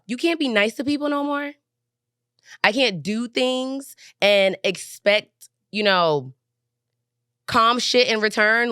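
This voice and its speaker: Angry and rattled, a podcast host delivers a heated, cursing monologue from a studio couch, punctuating each point with "okay?". Her medium-pitched, fairly bright voice is recorded dry and at studio quality.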